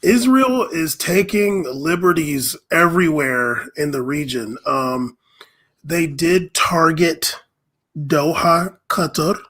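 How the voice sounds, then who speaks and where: A man co-hosting a loose political chat, telling a news story in a meandering, earnest way. His voice is a bit high and slightly husky. He hesitates often, filling gaps with ums. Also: a bit bright. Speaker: podcast co-host.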